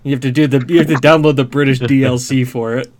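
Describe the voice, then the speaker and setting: A man's voice: mid-range voice, fairly even intonation, fast. A man co-hosting a casual gaming podcast, joking and swearing freely. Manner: sweary, joking, puts on silly voices. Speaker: podcast co-host.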